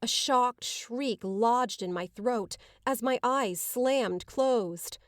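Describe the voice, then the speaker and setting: A woman giving measured, dramatic first-person narration of an audiobook. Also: on the high side, dry recording, studio quality.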